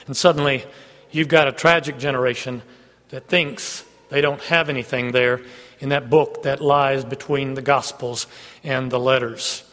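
A man's voice: medium pitch, a bit bright, big-room sound. A man preaching a sermon in a folksy way, joking and putting questions to the congregation.

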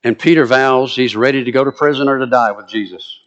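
A man with a Southern US accent preaching a sermon, acting out scripture quotes with lively, dramatic delivery. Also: medium pitch, fairly quick, dull audio. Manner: animated, dramatic quoting of scripture.

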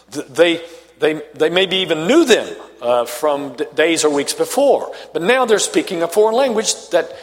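A man's voice: on the high side, in a large hall. A man from Tennessee with a faint Southern accent, teaching a Bible study class in a conversational way, asking questions and reading scripture aloud.

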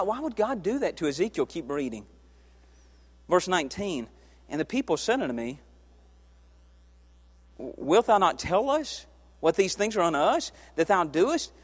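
A man from the United States preaching a sermon, swinging between loud emphatic peaks and low hushed stretches. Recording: long hall reverb.

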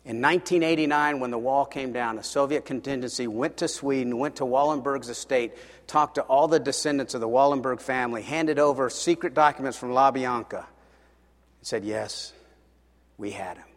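A man preaching a sermon, telling a story dramatically and swinging between loud passages and hushed ones. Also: medium pitch, fairly quick. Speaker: pastor. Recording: long reverb of a large hall.

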